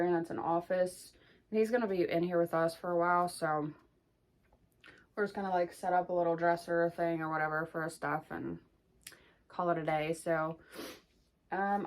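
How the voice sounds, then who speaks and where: Rambling young woman, slightly breathless. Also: fairly low pitch. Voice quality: rambling, filler-heavy with lots of "like". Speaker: vlogger. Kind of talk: casual pregnancy update vlog.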